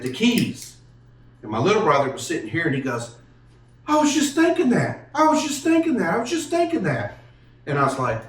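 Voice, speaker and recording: Man, halting earnest storytelling, distant mic, echoey room. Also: mid-range voice, fairly bright tone, slight background noise. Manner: earnest, halting, many restarts. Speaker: podcast guest telling his testimony. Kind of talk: casual storytelling.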